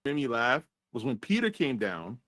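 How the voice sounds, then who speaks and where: A man's voice: medium pitch, sing-song, normal speed, a bit bright, dry recording. Rambling, profane male movie reviewer. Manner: rambling, profane, acts out characters' lines. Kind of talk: casual chat.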